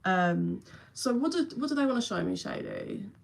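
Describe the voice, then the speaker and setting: A young London woman reads tarot on a phone livestream in a medium-pitched, animated voice at a moderate pace, with vocal fry. She chats casually, swears now and then and addresses viewers by name.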